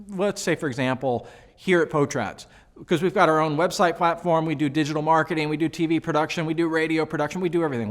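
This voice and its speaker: A man giving casual sales advice, chatty and animated, with jokes and asides to the viewer. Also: on the high side. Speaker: sales coach. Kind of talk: casual advice talk to camera.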